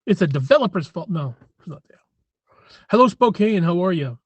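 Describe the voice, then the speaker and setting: A man's voice: sits high, very animated, fairly quick, no room sound, highs cut off. Rambling man on a live stream. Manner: rambling, chatty, frequent throat clearing. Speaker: livestream host. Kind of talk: casual live-stream chat.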